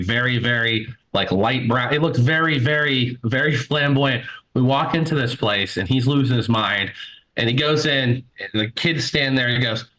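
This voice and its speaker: A man's voice: medium pitch, pushed and bright, poor audio. A young man doing a live stand-up set, telling rambling stories with crude asides. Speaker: stand-up comedian. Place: comedy club stage.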